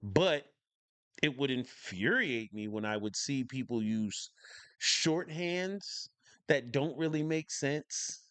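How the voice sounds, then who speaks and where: A man's voice: mid-range voice, lively intonation, slow pace, fairly bright tone, no room sound. A man from the northern United States giving casual reaction commentary as a channel host, speaking emphatically and enunciating every word, repeating his points for stress. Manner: emphatic, clearly enunciated, opinionated.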